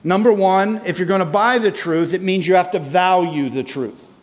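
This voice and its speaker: A man's voice: high voice, normal speed. A man preaching at a men's conference, making emphatic numbered points and reading scripture aloud. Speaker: conference speaker. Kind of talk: sermon. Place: church sanctuary. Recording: long hall reverb.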